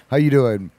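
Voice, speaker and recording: A man hosting a casual talk radio show, folksy and quick to laugh at his own jokes. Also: medium pitch, mellow.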